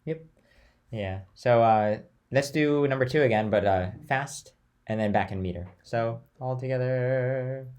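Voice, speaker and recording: A young man whose voice sits on the low side teaches chant at a measured pace. He's relaxed and conversational, breaking from talk into sung note names and phrases.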